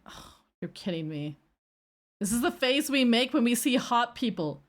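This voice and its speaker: A woman streaming casually, reacting to her old clips in an animated, self-mocking way. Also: mid-range voice, moderate pace. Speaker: VTuber streamer.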